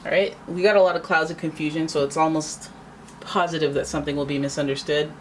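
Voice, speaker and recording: Speaking quickly in a deep, steady voice, a tarot reader chats her way through a casual, dramatic reading. She often acts out what people might say, and the rough audio has a slight hiss or hum.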